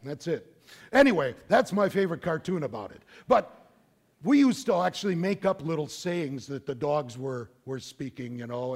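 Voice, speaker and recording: A middle-aged man preaching a sermon, telling a story in an animated, conversational way. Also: fairly high pitch. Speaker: pastor.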